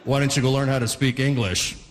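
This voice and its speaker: A man's voice: medium pitch, steady tone, fairly quick, close to an everyday voice. A man putting on the voice of a rude, smug stranger who mocks someone's English. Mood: sneering. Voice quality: snide, mocking. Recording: reverberant room with clear ambient noise.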